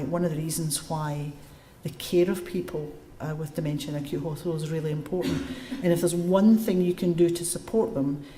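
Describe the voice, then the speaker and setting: Low-voiced woman lecturing in an echoey room. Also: a little hiss or hum. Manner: lively storytelling, explains step by step. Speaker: lecturer answering audience questions. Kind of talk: public lecture with Q&A. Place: lecture room before a live audience.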